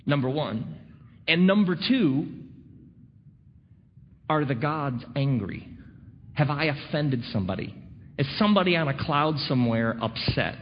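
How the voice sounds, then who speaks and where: A man preaching a sermon, sardonic and full of dramatic pauses. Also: a little high, expressive. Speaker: pastor. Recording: dull recording in a reverberant hall, faint noise.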